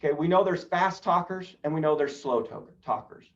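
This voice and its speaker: A man with a fairly high voice runs a live sales training, talking his trainees through each point and tossing questions to the group before answering them himself. He sounds set back from the mic. The audio is muffled and lo-fi. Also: animated, fairly quick. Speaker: real estate sales trainer. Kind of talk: live training talk on rapport. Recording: distant, dull lo-fi sound.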